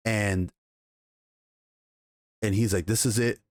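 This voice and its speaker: Excited, profane male TV reviewer. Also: on the low side, moderate pace, pauses often, no room sound, studio quality. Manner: animated, profane, excited retelling with quoted dialogue. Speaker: TV show reviewer. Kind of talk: casual video review.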